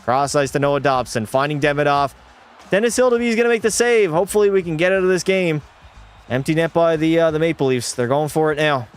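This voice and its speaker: A man's voice: a little high, fast talker, clean tone, faint music behind. A young man streaming a hockey video game, commenting live and talking to his chat while ranting in frustration and swearing at the game. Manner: talks to chat.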